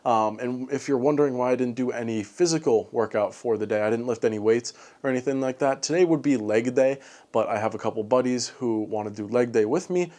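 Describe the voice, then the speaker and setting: In a late-night vlog, this fitness vlogger runs through his day in a mid-range, slightly mellow voice. He speaks a little fast, rambles with lots of fillers, and closes on an encouraging, upbeat note.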